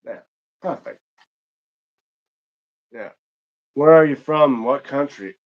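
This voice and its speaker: Casual man from Michigan, mid-pitched, rambling streamer chat, dull lo-fi mic. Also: slow pace. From Michigan, United States. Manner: rambling, chatty, many fillers and restarts. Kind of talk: casual live-stream chat while gaming.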